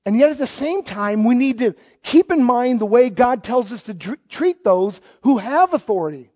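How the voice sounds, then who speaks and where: A high-pitched middle-aged man, delivering a sermon from the pulpit. He swings from loud, punchy lines to soft asides. The recording is dull and lo-fi. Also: lively intonation, normal speed. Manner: emphatic, swings between loud exclamations and quiet asides. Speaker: pastor.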